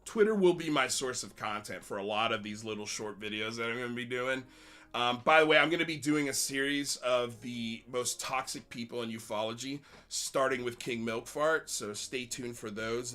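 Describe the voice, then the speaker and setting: A man's voice: mid-range voice, pushed and bright. A man hosting a livestream, ranting bluntly and sarcastically, then reading viewer comments with frequent laughs. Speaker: livestream host.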